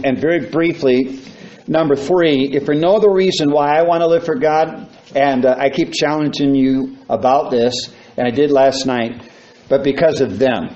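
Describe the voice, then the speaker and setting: A male preacher giving a sermon, telling a story dramatically and shouting its warnings. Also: medium pitch, normal speed. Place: church sanctuary. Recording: muffled church recording with faint noise.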